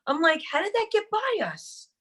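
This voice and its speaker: Her pitch is extremely high and her speed normal. As a podcast guest who acts and directs, she shares set stories casually, laughing, cursing and acting out quotes with lots of energy.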